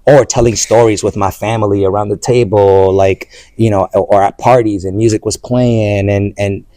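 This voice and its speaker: A man in his forties, a playwright and performer, talking casually in an interview, animated, with many restarts and fillers. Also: on the low side, moderate pace, no room sound.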